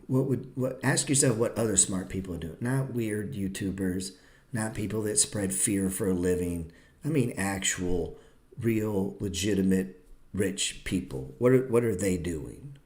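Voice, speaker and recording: The man's voice is lowish and mellow as he hosts a live-streamed trading class. A trading educator and show host, he speaks bluntly, swears freely, and delivers his lecture with sarcasm.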